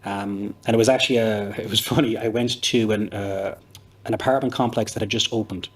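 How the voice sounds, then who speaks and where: A man's voice: fairly low pitch, fairly even intonation, fairly quick, husky. An Irish man, a pub owner, telling his story in a chatty, rambling interview with lots of fillers. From Ireland.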